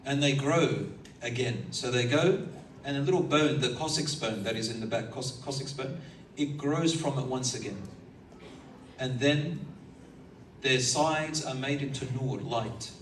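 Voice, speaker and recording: A man preaching a sermon, an animated storyteller who chuckles between his points. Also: medium pitch, a little slow, slight background noise. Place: lecture hall. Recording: echoey hall, mic from far off, faint ambience.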